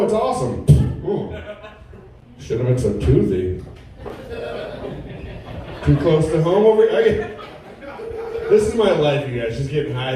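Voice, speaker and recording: A man in his thirties doing a stand-up comedy set with a laid-back, deadpan delivery at a comedy club. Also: fairly high pitch, very echoey, distant mic, rough recording. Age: 30s. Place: comedy club with a live audience.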